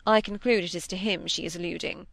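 Insistent young gentleman suitor, self-assured and pressing, read by a woman in a dry, close audiobook voice. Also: lowish voice, fairly even intonation, quick pace, vocal fry, no echo. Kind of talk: audiobook character reading.

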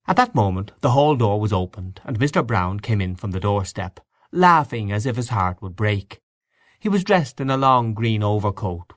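A man with a low voice reads a classic story aloud. His delivery is measured but moves through a wide, lively range of pitch. The sound is dry and close, with no room around it. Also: no room sound. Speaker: narrator. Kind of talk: scripted narration of a classic story.

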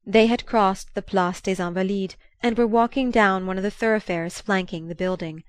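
A woman reads a classic novel aloud in a measured, unhurried way, with a mid-range voice. The sound is dry and close, with no room echo. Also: medium pitch, smooth. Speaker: audiobook narrator. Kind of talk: scripted literary narration.

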